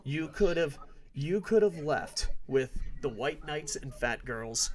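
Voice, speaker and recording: A man's voice: fairly high pitch, expressive, slow, slight background noise. Foul-mouthed male podcast host, emphatic and sarcastic, casual ranting predictions.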